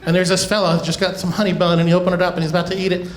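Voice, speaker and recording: A middle-aged man doing a stand-up comedy set, telling a family story with quick asides and chuckles. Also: sits high, little pitch movement, a little hiss or hum. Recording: echoey live room.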